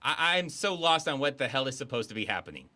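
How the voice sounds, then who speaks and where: A man's voice: mid-range voice, sing-song, quick pace, bright, forceful tone. A man riffing sarcastically on a movie in casual podcast commentary, laughing as he mocks the plot. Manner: sarcastic, laughing, mimics lines from the film. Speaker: podcast host reviewing a movie.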